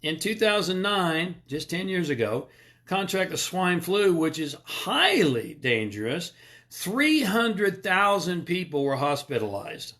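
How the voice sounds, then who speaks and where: A man's voice: high-pitched, very animated, takes it slowly, fairly bright tone. A middle-aged man hosting a motivational livestream, talking emphatically, asking rhetorical questions and greeting viewers by name. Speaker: livestream host. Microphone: live stream camera mic.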